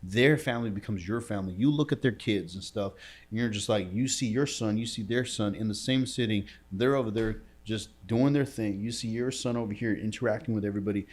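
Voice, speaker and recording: Low-pitched male entrepreneur guest, casual slangy storyteller, gets quiet and emotional. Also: brisk. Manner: casual slangy talk, says bro and dude. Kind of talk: storytelling in a podcast interview.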